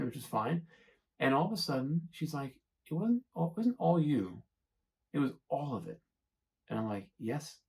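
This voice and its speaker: A man with a rough, gravelly edge to his voice talks through a self-help reflection at a middle pitch. He rambles and searches for words, often tossing in a questioning "right?" to the listener. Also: rough recording. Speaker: self-help channel host. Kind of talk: reflective monologue to camera.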